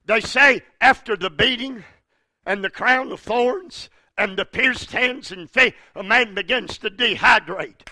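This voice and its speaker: A male preacher, delivering a fervent sermon that builds to shouts, with halting restarts. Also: very high-pitched, no room sound, studio quality.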